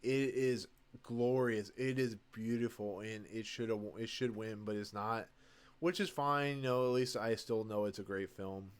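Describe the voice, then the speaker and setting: A young man hosts a solo podcast, talking casually and candidly about what he likes and dislikes. His voice sits low and sounds smooth and clear. He rambles loosely, with frequent fillers and restarts, and gets eager when he praises his favorites. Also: measured pace. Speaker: podcast host.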